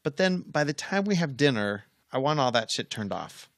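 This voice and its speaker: A man's voice: mid-range voice, big pitch swings, normal speed, a bit bright, no room sound. A middle-aged man co-hosting a casual podcast. He tells a story in a firm, easy way and swears freely. His voice sits in a middle register, close and dry on the mic. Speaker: podcast co-host.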